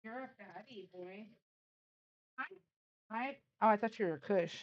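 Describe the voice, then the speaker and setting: A woman's voice: medium pitch, normal speed, long pauses, no room sound, highs cut off. A woman hosting a casual livestream, chatting with viewers and talking affectionately to her dogs. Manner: affectionate baby talk to her dogs, laughing often. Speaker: livestream host.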